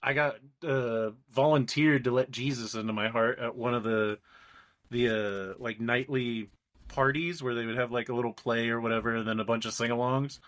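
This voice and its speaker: A man's voice: mid-range voice, steady tone, normal speed, a bit bright. Young man telling a rambling story. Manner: rambling, acts out quoted people. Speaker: podcast co-host. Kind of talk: casual storytelling chat.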